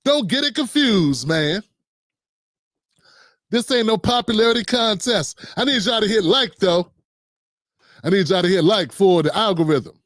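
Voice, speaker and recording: A middle-aged man with a high, light voice hosts a loose, playful talk show full of slang and banter. The sound is dry and close, with no room around it. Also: animated, unhurried, pauses often, fairly bright tone, no room sound. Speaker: political talk show host. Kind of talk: casual livestream commentary.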